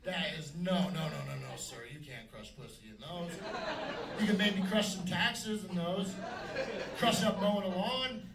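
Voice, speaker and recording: High-voiced man doing stand-up in a roomy club. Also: unhurried, creaky, a crowd in the background. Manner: brash, punchy delivery, dark deadpan jokes. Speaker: stand-up comedian. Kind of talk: stand-up set. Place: comedy club stage. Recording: echoey club from a distance with noise. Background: audience laughter.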